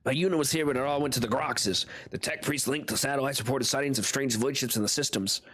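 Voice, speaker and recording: A man's voice: mid-range voice, fast, a bit bright, close to an everyday voice. A weary soldier sergeant, read by a man, delivers clipped military reports. He sounds battered but dutiful, speaking as if to a lord in a game. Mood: grim.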